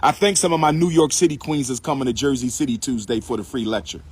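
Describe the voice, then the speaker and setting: Fast-talking, with a mid-range, darkish, slightly rough voice, this man hosts a live stream where he lectures viewers. His delivery is preachy and repetitive, and he repeatedly prompts them to respond.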